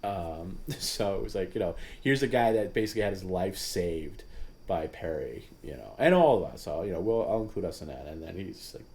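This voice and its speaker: A man hosting a casual livestream chat, rambling and halting with many restarts and fillers, and he laughs at his own story. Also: very animated. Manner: voice jumps high and loud when mimicking others. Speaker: host.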